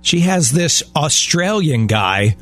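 A middle-aged male radio co-host with a somewhat high voice. He banters in a lively, joking style over a faint music bed. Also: slow pace. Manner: animated, joking, mock-jealous.

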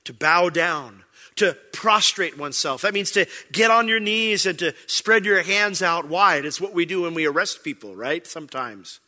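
A man's voice: high-pitched, lively intonation, moderate pace, pushed and bright. A man preaching a sermon as pastor, conversational and emphatic.

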